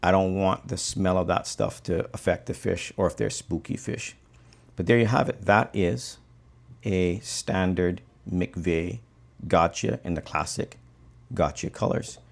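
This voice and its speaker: A bonefish guide from the Cayman Islands ties a fly while telling a fishing story in a relaxed, conversational manner. His voice is low, gravelly and unhurried.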